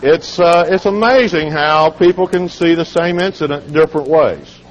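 Hoarse man telling folksy stories. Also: fairly high pitch, moderate pace. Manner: relaxed anecdotal delivery with humorous stories. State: hoarse, husky from a cold. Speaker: guest speaker at a children's home. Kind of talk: folksy storytelling sermon. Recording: dull lo-fi recording.

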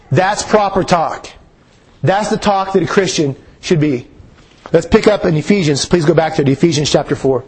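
A man's voice: fairly high pitch, moderate pace, a little mellow, husky. A man preaching a sermon in an earnest way, repeating phrases for emphasis.

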